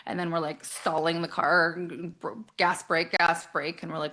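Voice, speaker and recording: Woman coach, interview guest; lively, plays out quoted lines, laughs easily; slightly low, fry-edged voice. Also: normal speed. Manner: animated, acts out quoted voices, laughs often. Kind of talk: casual interview talk.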